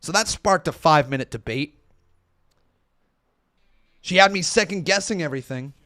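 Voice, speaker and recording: A man's voice: a little high, normal speed. A man hosting a live watch-along stream, chatting casually and telling stories with lots of exclamations. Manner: excitable, animated storytelling with exclamations.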